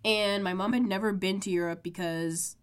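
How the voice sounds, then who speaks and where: A woman's voice: medium pitch, steady tone, normal speed. A young woman from the United States hosting her own podcast, talking casually and full of fillers while sick and congested, recorded at home. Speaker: podcast host. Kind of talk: casual solo podcast chat. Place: home room with makeshift sound panels.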